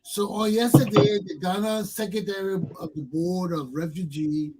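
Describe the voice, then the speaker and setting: A man's voice: high-pitched, fairly even intonation, heavy background noise. A man hosting a talk show, greeting callers and stopping to check whether they can hear him. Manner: halting, with restarts and checks on the line.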